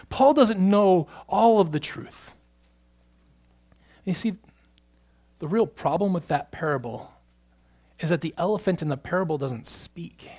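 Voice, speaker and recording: Pastor, male, fairly high voice; preaches in swings from quiet and drawn-out to forceful and loud. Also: slightly rough. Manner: swings between hushed, slow stretches and loud, emphatic bursts. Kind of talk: sermon.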